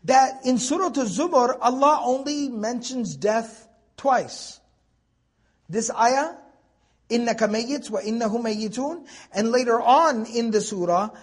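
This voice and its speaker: A young man giving a conversational Quran tafseer lecture, reciting Arabic verses and asking rhetorical questions. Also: very high-pitched. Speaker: Quran teacher.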